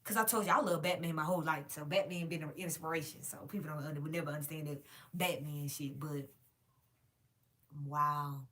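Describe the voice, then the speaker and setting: A woman's voice: low-pitched, steady tone, a little fast, fairly bright tone. Profane, emphatic woman vlogger. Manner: emphatic, profane, addresses viewers as y'all. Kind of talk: casual rant to viewers.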